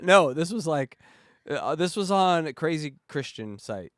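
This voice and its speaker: A man hosting a comedy podcast, laughing often and joking with crude humor. His pitch swings widely as he riffs, and the studio sound is dry and close. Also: very animated, a little slow, no room sound. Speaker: podcast host. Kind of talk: comedic casual chat.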